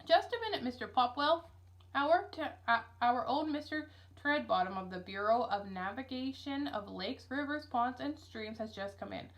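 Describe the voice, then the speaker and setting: A woman's voice: fairly high pitch, lively intonation, moderate pace, fairly bright tone. A woman voicing a confused, overly formal male city hall clerk on the telephone in a storybook reading. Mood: prim.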